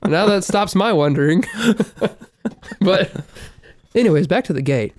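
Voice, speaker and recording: A man with a fairly high voice chats casually on a podcast. He tells stories with lots of swearing and breaks into loud, exclaimed quotes. His delivery stays animated and loose. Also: slow pace, no echo. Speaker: podcast co-host. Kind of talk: casual chat, storytelling.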